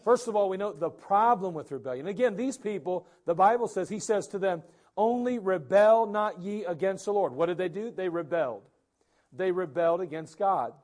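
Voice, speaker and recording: A man preaching a sermon as pastor, animated and acting out the people's words. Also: high voice, normal speed.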